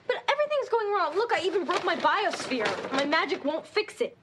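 A woman's voice: very high voice, very animated, brisk, heavy background noise. A frazzled sarcastic teen witch. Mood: exasperated. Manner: whiny, sarcastic. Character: frazzled teenage girl witch. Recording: sitcom audio with loud studio audience laughter.

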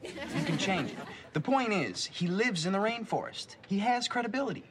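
A man's voice: sits high, lively intonation, normal speed, noisy background. A young actor playing an earnest, goofy teenage boy who talks eagerly.

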